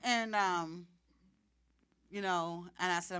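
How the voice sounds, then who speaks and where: A woman preacher telling a personal testimony in a sermon, animated and acting out the dialogue. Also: a little high, normal speed, no room sound.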